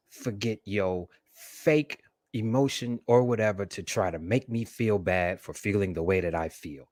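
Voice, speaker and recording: A man in a casual group discussion, speaking forcefully and emphatically. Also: fairly low pitch, a little slow, dry recording.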